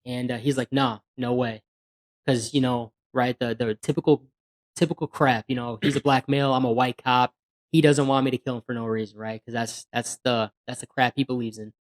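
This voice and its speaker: A man, a police officer, telling stories in a casual podcast chat, blunt and lively, acting out the quotes he retells. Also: medium pitch, a little fast. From USA.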